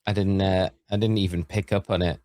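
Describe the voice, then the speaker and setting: A man co-hosting a gaming podcast, speaking in hesitant, halting casual chat. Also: low voice, level tone, a little mellow, dry recording, studio quality. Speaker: podcast co-host.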